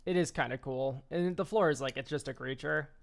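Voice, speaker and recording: A man's voice: a little high, brisk, vocal fry. A man streaming a casual card-game deck review, rambling and offhand, swearing and laughing easily.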